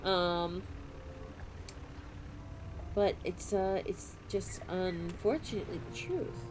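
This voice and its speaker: A young adult woman streaming a game, chatting playfully with viewers, giggling and squealing as her pitch swoops up and down. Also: takes it slowly, background noise. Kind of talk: casual live-stream game commentary.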